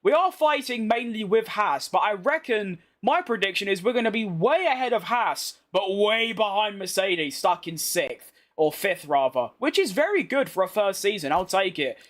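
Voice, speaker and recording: Over racing game footage, a young British man speaks in a high, sing-song, fairly bright voice at normal speed, hardly pausing. This gaming YouTuber reads chat casually and fires back blunt, slangy replies to viewers.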